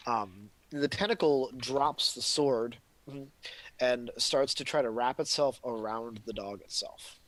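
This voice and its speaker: A man's voice: mid-range voice, a bit bright, low-quality recording. Easygoing man narrating as dungeon master. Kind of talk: narrating a tabletop game.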